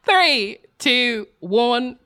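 Animated, giggly young woman podcaster. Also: fairly high pitch, drawn-out words, slight background noise. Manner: giggly, animated, swears casually. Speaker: podcast co-host. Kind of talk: casual podcast chat.

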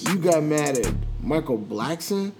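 Man, fairly high voice, emphatic slangy opinions, clear music underneath. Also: very animated, a little slow. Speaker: podcast co-host. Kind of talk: casual chat.

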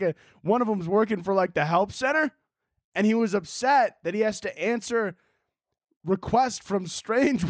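A man's voice: high voice, dry recording, clean studio sound. Crude, sarcastic male podcast host. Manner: crude, sarcastic, laughs at own jokes. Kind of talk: comedic monologue.

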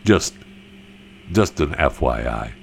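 A man telling a string of corny cow jokes in a slow delivery and laughing at his own punchlines. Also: extremely low pitch, very animated, vocal fry, slight background noise. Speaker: joke teller.

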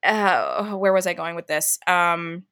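A lower-pitched woman with a bright, forceful edge to her voice talks as a guest in a relaxed interview. She tells her stories candidly and with animation, using plenty of fillers and casual swearing. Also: takes it slowly, clean tone. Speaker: musical theater actress, guest.

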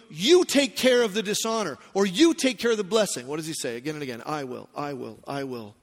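A man's voice: very high-pitched, a bit bright. A man preaching a sermon with emphatic, repetitive phrasing, often asking the audience questions. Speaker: pastor. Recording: long reverb from a hall.

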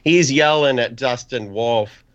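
A man's voice: mid-range voice, a little slow, dry recording. A man co-hosting a casual sports podcast, telling a rambling story and enjoying his own jokes. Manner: rambling storyteller, self-amused. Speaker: co-host. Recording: dull lo-fi, dry.

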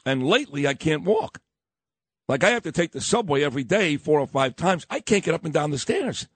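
A man, hosting morning talk radio and telling stories with lively voiced quotes. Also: a little high, a little fast, slightly rough, dry recording. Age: 50s. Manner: animated storytelling with voiced quotes. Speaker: radio host.

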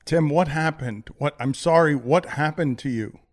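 A man hosting a radio show, talking to callers in a halting, polite, apologetic way. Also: a little high. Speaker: radio host. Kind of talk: talk radio call.

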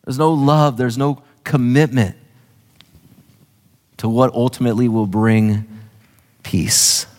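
A man's voice: mid-range voice, fairly even intonation, measured pace, pauses often, darkish tone. A male pastor preaching a sermon in an earnest, impassioned way with emphatic repetition. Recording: echoey hall.

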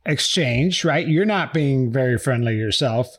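A man's voice: medium pitch, expressive, measured pace, slightly rough. A man hosting a true-crime podcast, narrating updates and interviewing a guest in a conversational way. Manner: conversational, reads text messages aloud. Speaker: podcast host.

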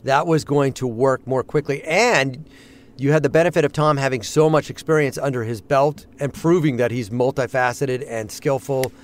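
A middle-aged man, a voice actor, chatting in an interview and breaking into quick character voices as he tells stories. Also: medium pitch. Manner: animated, slips into quick character voices mid-story. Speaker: voice actor guest. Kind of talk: casual interview chat.

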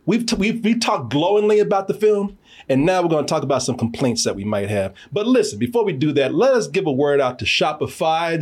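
A man hosting a casual movie review podcast, animated and laughing often, tripping over repeated words. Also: on the high side. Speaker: podcast host.

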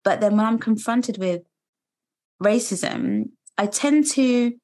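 A British woman in her thirties, a guest speaking earnestly and reflectively in an interview, pausing and restarting as she thinks. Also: medium pitch, big pitch swings, a little mellow. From United Kingdom. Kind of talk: candid interview conversation.

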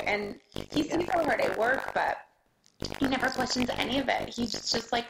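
A woman's voice: a little high, expressive, moderate pace, creaky, roomy sound, background noise. A middle-aged woman talking as an interview guest, chatty and emotional, with many restarts. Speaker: guest, business owner. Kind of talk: casual interview chat.

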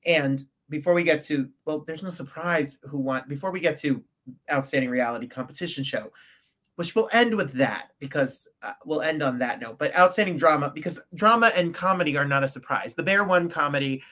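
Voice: mid-range voice, brisk, bright, forceful tone. A podcast co-host reading out award winners from printed notes in a casual way, with fillers and stumbles.

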